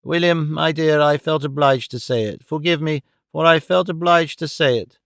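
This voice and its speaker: A man's voice: fairly high pitch, a bit bright, clean tone, no echo, studio quality. A man reading an audiobook voices a frail old man whose trembling voice turns fierce and indignant. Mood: softened. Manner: slow, earnest, protesting.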